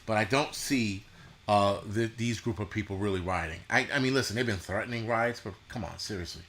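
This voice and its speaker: Profane, mocking man with a low voice. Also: fairly bright tone. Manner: blunt, profane, mocking, with halting restarts. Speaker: show host. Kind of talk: profane casual livestream rant.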